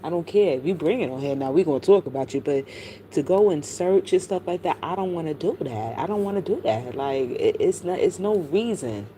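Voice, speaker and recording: A woman's voice: deep voice, animated, a little fast, mellow, a little hiss or hum, rough recording. A middle-aged woman streaming, chatting casually and bluntly about online drama, gossipy and full of profanity. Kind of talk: casual livestream chat.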